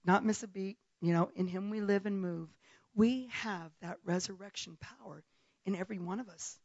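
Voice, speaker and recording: A woman preaching a testimony with animated, storytelling energy, acting out the voices of the people she describes. The recording is dry and a little dull, with no room echo. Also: medium pitch, normal speed. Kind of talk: testimony sermon.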